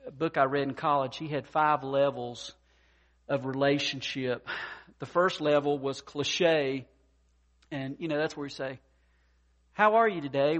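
A man preaching a sermon as pastor, folksy and expressive, with many fillers, swinging from soft to loud and acting out worried voices. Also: fairly high pitch. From mountain region.

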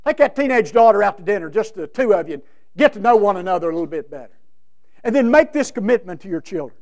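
A middle-aged male preacher giving a sermon, emphatic, with big swings from loud to soft. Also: high voice, big pitch swings, quick pace. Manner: emphatic, with wide swings in loudness.

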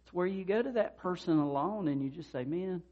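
Fairly quick and high-pitched, a pastor delivers a conversational sermon in lo-fi sound. He animatedly portrays the characters in the stories he tells.

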